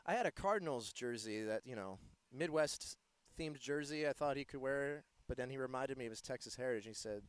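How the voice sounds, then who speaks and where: A man from the United States giving live play-by-play commentary in a playful, joking, excitable manner. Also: mid-range voice, a little fast, hardly any pauses, smooth, dry recording. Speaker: sports commentator.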